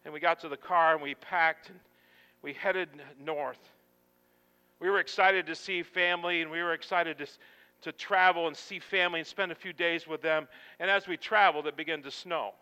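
Middle-aged male pastor, smooth resonant tone, chatty sermon anecdotes. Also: on the high side, steady tone, moderate pace, sharp tone, big-room sound. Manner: folksy, rambling, acts out quotes. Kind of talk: storytelling sermon.

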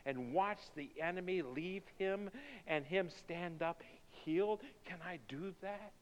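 A male pastor with a high, smooth, slightly bright voice preaches a sermon at a measured pace, pushing it forward with emphatic, repeated rhetorical questions. He is in a church sanctuary, and the recording is dull, with a long hall reverb.

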